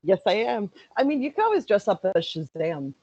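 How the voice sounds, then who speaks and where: A woman's voice: mid-range voice, big pitch swings, brisk, darkish tone, breathy edge. A woman guest on a casual podcast, laughing through her words. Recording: dull dry lo-fi sound.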